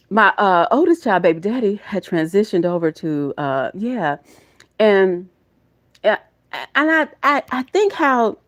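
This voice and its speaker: A middle-aged woman gives a live tarot reading to her viewers. She talks in a folksy, emotional way and slips into preachy encouragement. Her voice sits at a middle pitch. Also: highs cut off. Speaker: tarot reader.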